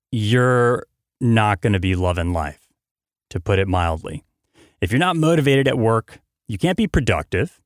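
This podcast host delivers motivational talk in an energetic, emphatic way, pounding his message in through repetition. His mid-range voice comes through clean studio sound with no echo.

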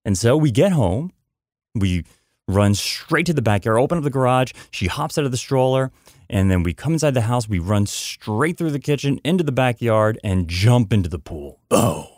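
A man's voice: medium pitch, animated, normal speed, darkish tone, no room sound, studio quality. A man hosting a podcast, telling a story in a chatty way, with many asides and repeated words for emphasis. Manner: chatty, lots of "I mean" and "you know" asides. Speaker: podcast host.

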